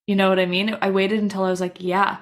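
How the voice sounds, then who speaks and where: Woman co-host, mid pitch, earnest encouraging chat full of "like". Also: flat delivery, quick pace. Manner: earnest, encouraging, many "like" fillers. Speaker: podcast co-host. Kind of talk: casual chat.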